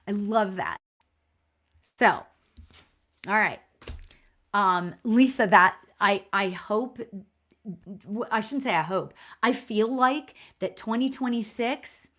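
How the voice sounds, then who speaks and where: Woman medium doing a live stream reading, super chatty and encouraging, fillers everywhere. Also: mid-range voice. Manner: chatty, filler-heavy, repeats "you know"; warm and encouraging toward viewers. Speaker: spiritual medium. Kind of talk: live online psychic reading.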